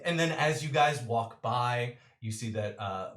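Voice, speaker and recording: A man's voice: mid-range voice, fairly even intonation, moderate pace, hardly any pauses, a bit bright, reverberant. A man narrating a tabletop role-playing game as game master, with lots of fillers.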